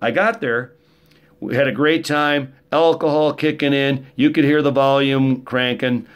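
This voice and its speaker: A man's voice: medium pitch, fairly even intonation, unhurried. Rambling middle-aged man joking. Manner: rambling, joking, rough-edged storytelling. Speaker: vlogger. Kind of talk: casual monologue.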